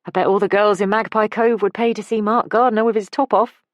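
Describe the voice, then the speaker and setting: A woman voicing a bubbly, excitable woman friend who talks in an exuberant, playful way. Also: mid-range voice, a little fast, no echo, voice pushed up, close to an everyday voice.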